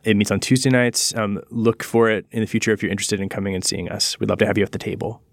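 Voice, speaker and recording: A man, a pastor and podcast guest, telling a personal story in an earnest, reflective way and slowing down on key words. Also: fairly low pitch, flat delivery, gravelly, no room sound.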